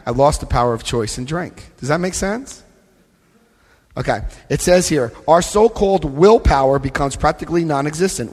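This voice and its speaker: A man giving a lively, joking talk to an AA convention crowd, often acting out other people's voices. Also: a little high. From United States. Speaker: AA convention speaker. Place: large convention hall. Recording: live hall recording with long reverb.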